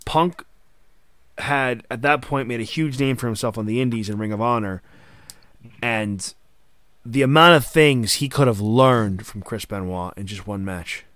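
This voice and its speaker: A man's voice: medium pitch, a little slow, fairly bright tone, dry recording, studio quality. A man hosting a casual podcast chat, recounting wrestling history partly from notes. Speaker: podcast host.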